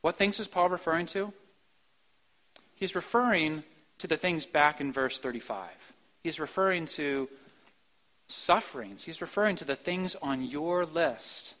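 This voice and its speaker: A man preaching a sermon in a church, swinging between soft, slow passages and sudden loud, emphatic outbursts. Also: fairly high pitch, animated, rough recording. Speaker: pastor. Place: church sanctuary, live-streamed.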